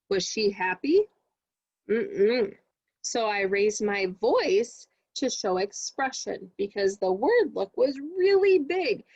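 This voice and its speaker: Female kindergarten teacher, slow animated delivery, dull close recording. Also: on the high side, breathy edge, dry recording. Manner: slow, expressive, sing-song teacher talk. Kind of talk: recorded reading lesson for children.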